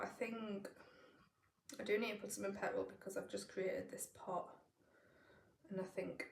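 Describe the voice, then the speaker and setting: A woman with a gravelly, creaky edge talks through her budget, musing aloud and tallying numbers as she goes. She sits back from the mic, so her voice carries a roomy echo with faint ambience behind it. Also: mid-range voice, a little mellow, distant mic. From northeast England. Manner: thinking aloud, doing sums as she goes. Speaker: budgeting vlogger. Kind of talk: casual budgeting walkthrough.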